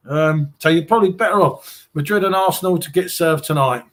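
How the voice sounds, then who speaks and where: A man's voice: on the high side, normal speed, a bit bright. Chatty English man reading stream comments. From England. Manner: chatty, reads viewer comments aloud, calls people mate. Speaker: live stream host. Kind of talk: casual chat reading live comments.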